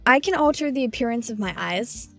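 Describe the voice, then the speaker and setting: A woman playing in a tabletop game, chatty and excitable. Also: a little high, a little fast, soft background music. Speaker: player. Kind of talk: casual tabletop game chat.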